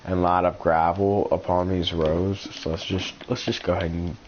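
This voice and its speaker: A man talking through his gameplay as a channel host, rambling and thinking aloud with many ums and restarts, sounding congested and a little rough. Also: sits low, little pitch movement, moderate pace, a little mellow. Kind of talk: casual gameplay commentary. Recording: slightly dull lo-fi sound with faint noise.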